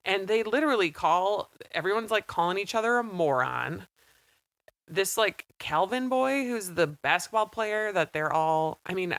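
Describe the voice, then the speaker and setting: A woman in her late thirties, co-hosting a podcast in casual chat, talking in a chatty, animated way and acting out quotes. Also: deep voice, no room sound. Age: 30s. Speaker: podcast co-host. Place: small studio.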